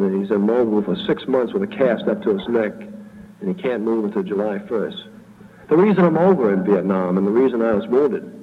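A man giving an earnest, halting acceptance speech at a banquet, repeating himself as he goes. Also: fairly low pitch, slight background noise. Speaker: award recipient giving a speech. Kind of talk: public speech. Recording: tinny archive recording in an echoey hall.

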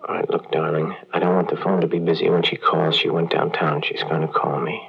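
Man acting frantic stammering husband, deep low voice, whispering on the phone, old radio comedy, dull lo-fi sound. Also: little pitch movement, brisk, creaky, husky, full character voice. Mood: anxious. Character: anxious middle-aged man caught in an affair. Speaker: comedy sketch performer. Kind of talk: 1950s radio comedy sketch. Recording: dull lo-fi vintage radio recording.

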